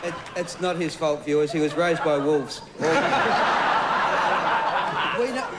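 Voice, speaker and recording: A man's voice: on the high side, lively intonation, unhurried. A man on a football panel show, firing off cheeky, crude one-liners in live studio banter. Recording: loud studio audience and noise. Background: audience laughter.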